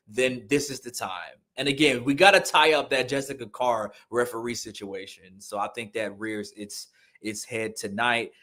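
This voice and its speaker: A man co-hosting a casual wrestling podcast, excitable and jokey, rambling with slang and restarts. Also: lowish voice, moderate pace. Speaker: podcast co-host.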